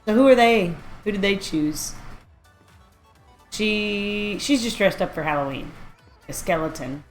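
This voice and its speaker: A woman's voice: medium pitch, lively intonation, unhurried. Woman, casual live-stream chatter, rambling, reacting aloud, faint music behind. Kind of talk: casual live-stream chat while playing.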